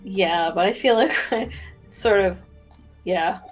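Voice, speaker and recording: A woman's voice: mid-range voice, slow pace. A woman playing a tabletop role-playing game, giggly and hesitant with fillers. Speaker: player. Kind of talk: casual tabletop play. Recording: faint music behind.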